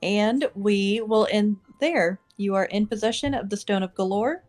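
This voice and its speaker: A woman's voice: medium pitch, measured pace, a little mellow, faint music behind. Easygoing woman running a tabletop game. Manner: laid-back, laughs easily. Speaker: dungeon master.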